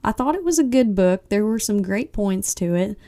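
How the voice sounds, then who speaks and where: Mellow-voiced woman hosting a chatty podcast. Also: medium pitch, normal speed. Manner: chatty, expressive, with frequent "like" and "I mean". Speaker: podcast host. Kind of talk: casual solo book-review podcast.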